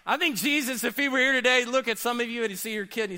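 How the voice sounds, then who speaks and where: Pastor, male, high bright voice, dynamic sermon delivery with loud peaks and hushed drops. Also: fast. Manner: dynamic preaching, swinging between loud high bursts and low quiet asides.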